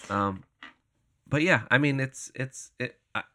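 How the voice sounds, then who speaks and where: A man's voice: medium pitch, measured pace, bright, forceful tone. A man co-hosting a podcast in casual chat, laid-back and often answering with short agreeing replies. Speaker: podcast co-host.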